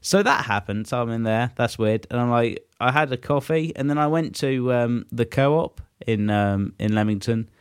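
A man's voice: mid-range voice, normal speed, hardly any pauses, clean tone. A young man co-hosting a podcast, telling a long, rambling anecdote full of fillers and swearing. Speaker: podcast co-host. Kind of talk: casual chat.

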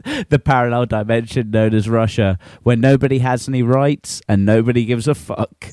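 A man's voice: medium pitch, steady tone, normal speed, a little mellow, clear, resonant tone, no echo. Man, sardonic, casual chat, dry close sound.

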